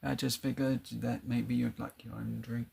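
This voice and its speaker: A man's voice: medium pitch, flat delivery, normal speed, creaky, a little mellow, husky. A man chatting casually to his live stream viewers, rambling a bit and laughing often. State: out of breath.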